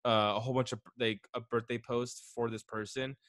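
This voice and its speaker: A man's voice: medium pitch, flat delivery, brisk, a bit bright, no room sound, clean studio sound. A young man co-hosting a podcast, rambling casually with many fillers. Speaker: podcast co-host. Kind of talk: casual chat.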